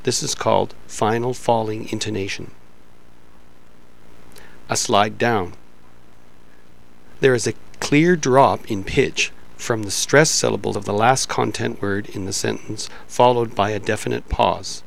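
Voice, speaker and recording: A man narrating a pronunciation lesson in a measured, explanatory reading style. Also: lowish voice, creaky. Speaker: pronunciation instructor.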